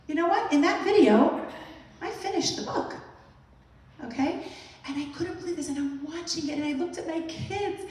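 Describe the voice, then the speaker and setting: A woman giving an animated motivational talk to an audience, telling stories and asking the room questions. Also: extremely high pitch, moderate pace, pauses often. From Brooklyn, US. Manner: animated storytelling, acting out her own reactions. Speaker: inspirational speaker. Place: large hall at a museum event. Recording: echoey hall, voice from far off.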